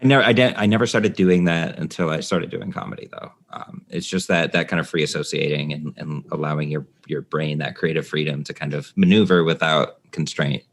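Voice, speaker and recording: A man's voice: rumbling low, steady tone, brisk, hardly any pauses. A man hosting a podcast in casual chat, thinking aloud and jumping between points. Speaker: podcast host.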